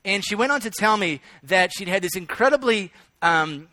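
A man's voice: high voice, animated, normal speed, pushed and bright, no room sound. A man preaching a sermon, telling a story and stressing his key phrases through repetition. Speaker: pastor.

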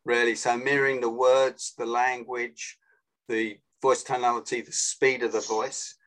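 A man speaks as a guest over a video call, his voice at an everyday middle pitch. He explains things in a lively, animated way and acts out little phone greetings as he goes. The sound has the plain quality of a call recording. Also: normal speed, rough recording. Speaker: guest, sales and influence trainer. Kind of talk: explanatory interview talk.

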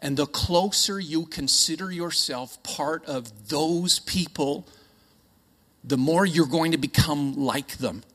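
A middle-aged Canadian man preaching a sermon in a chatty, joking, animated storytelling way. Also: fairly high pitch, slow. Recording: echoey hall.

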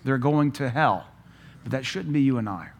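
A man preaching a sermon, firing off rhetorical questions and telling stories with lively energy. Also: mid-range voice, moderate pace, creaky, slightly rough. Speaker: pastor.

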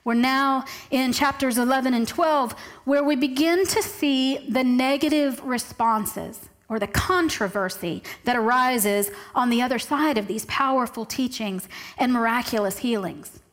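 High-voiced woman preaching a sermon. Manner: reads scripture aloud, slows down for emphasis.

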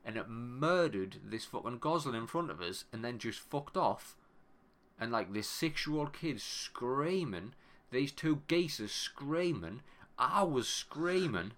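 A man in his thirties, a podcast co-host, telling a story in casual chat, animated and sweary, often breaking off mid-phrase. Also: medium pitch, unhurried.

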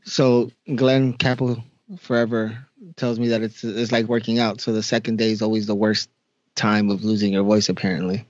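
A man co-hosting a podcast with a hoarse voice he is still recovering, talking laid-back and jokey. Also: fairly low pitch, flat delivery, normal speed, dry recording, highs cut off. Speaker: podcast co-host. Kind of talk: casual chat.

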